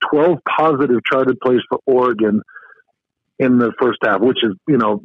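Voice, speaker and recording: A man's voice: medium pitch, husky, no room sound. A man co-hosting a sports radio talk show, speaking emphatically with frequent restarts. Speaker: co-host. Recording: tinny phone-like line.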